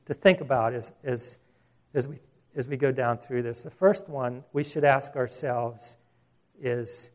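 A man preaching a sermon as pastor, earnest, restarting phrases and slowing down for emphasis. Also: medium pitch, steady tone, a little mellow.

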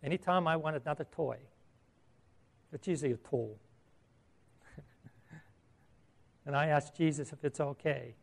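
A man with a fairly high voice delivers a sermon. His manner is casual and talkative. He often checks in with his listeners and laughs softly at his own remarks. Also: unhurried, creaky, long pauses. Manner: conversational, asks the audience questions, chuckles at his own asides. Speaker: preacher.

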